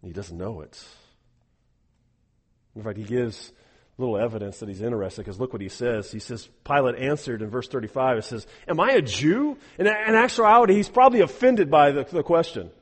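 A man preaching a sermon, animated, acting out the people he quotes and often repeating words as he goes. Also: mid-range voice, a little fast. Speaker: pastor. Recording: echoey hall with long reverb.

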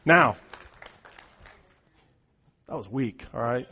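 A man preaching a sermon, his voice swinging from hushed asides to shouting, often repeating words as he restarts his phrases. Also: mid-range voice, very slow, a loud crowd, heavy background noise. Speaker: pastor.

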